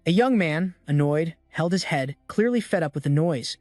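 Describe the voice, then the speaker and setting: A man's voice: high voice, lively intonation, normal speed, hardly any pauses, dry recording. Male recap narrator, dry close sound. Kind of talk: scripted story narration. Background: faint music.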